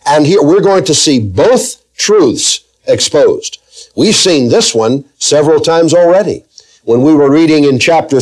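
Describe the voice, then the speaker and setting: Man teaching a Bible sermon, fairly high. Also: a little mellow. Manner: emphatic, slows to read scripture aloud; asks the congregation questions. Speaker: preacher.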